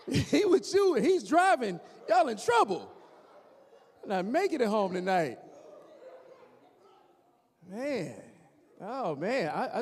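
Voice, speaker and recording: Male comic working the crowd, animated and teasing, higher pitch, reverberant church room. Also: slightly rough. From Gary, Indiana, USA. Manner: animated, teasing, talks straight to the audience. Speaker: stand-up comedian. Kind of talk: stand-up comedy with crowd work. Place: church hall before a live audience.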